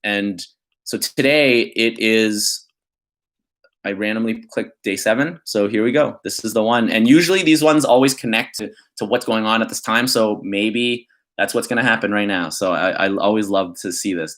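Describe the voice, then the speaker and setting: A man's voice: on the low side, moderate pace, a bit bright. A young man vlogging candidly, rambling and filling his talk with "like" before reading his own poem. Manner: rambling, full of "like" fillers. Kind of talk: candid reflective vlog with poetry reading.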